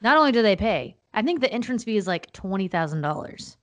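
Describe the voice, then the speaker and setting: A young woman co-hosting a podcast, chatting casually and laughing easily as she talks in quick bursts. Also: mid-range voice, sing-song. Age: young adult. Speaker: podcast co-host. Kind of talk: casual chat.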